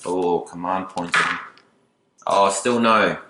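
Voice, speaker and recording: A man's voice: deep voice, takes it slowly, reverberant, heavy background noise. A man casually commentating a tabletop wargame battle, chatty with playful asides. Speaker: battle report host.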